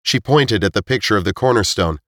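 A man narrating an audiobook with expressive storytelling. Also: fairly low pitch, a little fast, no room sound, studio quality.

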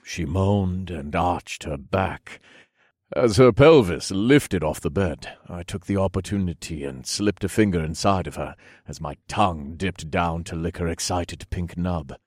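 A man reading a first-person fantasy romance story aloud, slow, low and intimate. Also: darkish tone, dry recording, clean studio sound. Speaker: narrator.

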